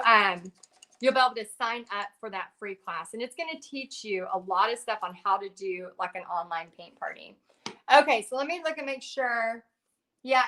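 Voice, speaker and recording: Chatty woman, bright higher voice. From Texas. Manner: chatty and animated, many fillers and restarts. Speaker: painting instructor on a Facebook Live. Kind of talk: casual livestream storytelling.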